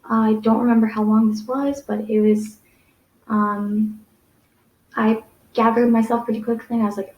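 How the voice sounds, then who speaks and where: A woman's voice: fairly high pitch, flat delivery, normal speed, long pauses, highs cut off. A young adult woman telling a personal story to camera, rambling with many fillers and restarts. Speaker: vlogger. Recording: echoey room.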